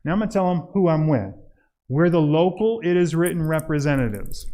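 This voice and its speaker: Animated man coaching church outreach. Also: a little high, brisk. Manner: animated, acts out doorstep scenes with a raised voice; admits he mumbles when tired. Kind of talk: casual training talk to a church group. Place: church hall.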